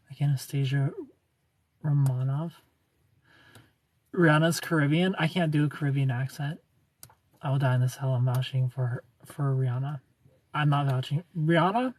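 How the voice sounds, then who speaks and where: A man's voice: on the high side, a little mellow. A young man hosting a casual livestream, greeting viewers and ranting with plenty of swearing and laughter. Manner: ranting, profane, laughing often. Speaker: livestream host. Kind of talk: casual livestream chat reading comments.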